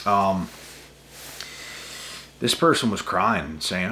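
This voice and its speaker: A man's voice: low voice, expressive, very slow, pauses often, sharp tone. A man hosting a spiritual channel, ranting to camera in an emphatic, repetitive way with a lot of swearing. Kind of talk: casual rant to camera.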